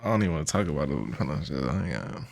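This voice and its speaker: A man's voice: extremely low pitch, lively intonation, very fast, gravelly. A young man co-hosting a podcast, trading jokes and slangy banter in casual chat. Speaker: podcast co-host.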